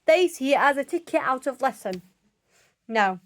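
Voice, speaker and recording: A woman's voice: sits high, lively intonation, moderate pace. A woman speaks her opinion straight to camera, emphatic and insistent and often restarting her sentences. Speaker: vlogger. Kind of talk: opinion monologue.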